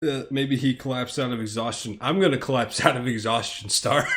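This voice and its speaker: A man's voice: mid-range voice, fairly even intonation, brisk, noisy background. A man with an ordinary mid-range voice reads a movie script on a live stream. He talks in a casual way and stammers often. He keeps breaking off and restarting his sentences. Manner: hesitant, stammering, with frequent restarts.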